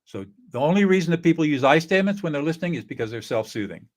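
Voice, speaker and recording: A man's voice: fairly high pitch, lively intonation, rapid-fire. A middle-aged man teaches in an earnest, coaching way and acts out short example dialogues. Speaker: conflict-resolution teacher. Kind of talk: instructional talk.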